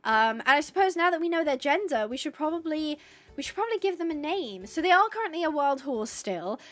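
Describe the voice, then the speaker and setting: Chatty high-voiced woman streamer. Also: sing-song, a little fast, fairly bright tone. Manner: chatty, reads out chat suggestions, coos at animals. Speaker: livestreamer playing a horse-rescue game. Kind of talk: casual live-stream chat.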